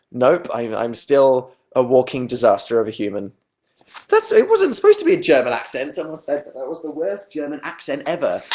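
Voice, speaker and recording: Young English man, webcam livestream host, self-mocking and rambling. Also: medium pitch. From England. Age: young adult. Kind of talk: casual livestream chat.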